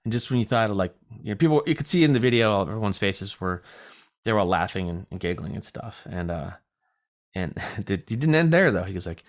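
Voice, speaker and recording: A man's voice: lowish voice, animated, a little fast. A man with a nasal voice, co-hosting a casual chat and telling a rambling story full of fillers and self-deprecating asides. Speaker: podcast co-host.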